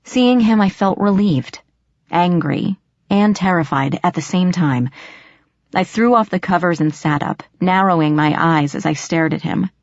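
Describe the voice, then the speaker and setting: A woman narrating an audiobook in first person, expressive and storytelling. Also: lowish voice, a little slow, no echo. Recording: dry, slightly dull audio.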